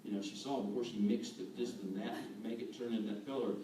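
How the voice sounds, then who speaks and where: A man giving an animated sermon as a guest speaker, acting out quoted voices. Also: on the low side, quick pace. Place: church hall. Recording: echoey hall, distant mic, faint room noise.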